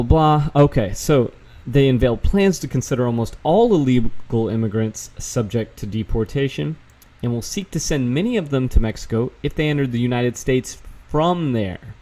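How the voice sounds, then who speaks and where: A man at an ordinary middle pitch talks casually over news articles. He reads them aloud and breaks off into sarcastic, profane asides, with a loose, offhand manner. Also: dark tone. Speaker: vlogger fact-checking news. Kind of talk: casual screen-share commentary.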